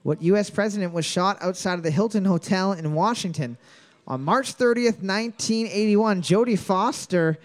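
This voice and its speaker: A man's voice: high-pitched, moderate pace. A man hosting a live trivia night at a bar, joking and reading each question twice. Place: bar venue with live audience.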